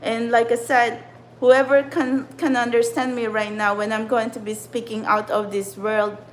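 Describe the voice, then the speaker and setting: A woman's voice: on the high side, level tone, normal speed, a little hiss or hum, poor audio. A woman, a spiritual channeler giving an upset, ranting monologue to her followers and swearing often. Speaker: spiritual channeler and tarot reader. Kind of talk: impassioned livestream monologue.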